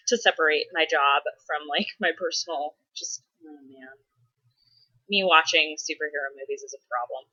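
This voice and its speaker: A woman's voice: low voice, normal speed, sharp tone, lo-fi sound. A woman vlogging casually, answering follower questions in a chatty way with frequent laughs and dramatic exasperated asides. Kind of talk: casual chat.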